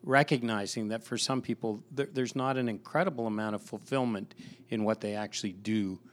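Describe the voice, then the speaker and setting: A man's voice: lowish voice, steady tone, a little fast, a little hiss or hum. A man, a pastor, chatting on a podcast and telling a work story with lots of restarts and repeated words. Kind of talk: casual podcast conversation.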